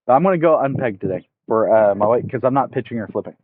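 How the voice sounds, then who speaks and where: A man's voice: medium pitch, lively intonation, fast talker, no room sound. A man from the United States with a mild Southern accent, streaming outdoors at a park, casually explaining fishing rigs step by step while chatting with viewers over a headset mic. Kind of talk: casual fishing livestream tutorial. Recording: tinny dry phone-like headset audio.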